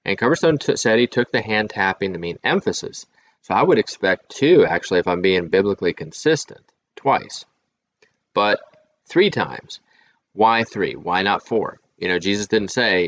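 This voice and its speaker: A man's voice: fairly low pitch, animated, moderate pace, a bit bright, highs cut off. A man hosting his own channel, thinking aloud in casual commentary with frequent restarts. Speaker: channel host.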